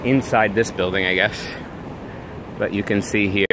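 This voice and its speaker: A man's voice: lowish voice, steady tone, normal speed. A man live streaming as he walks a city, chatting in loose, rambling asides to viewers. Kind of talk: casual walking live stream commentary. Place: busy city street outdoors. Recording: clear city street noise behind. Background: traffic and street ambience.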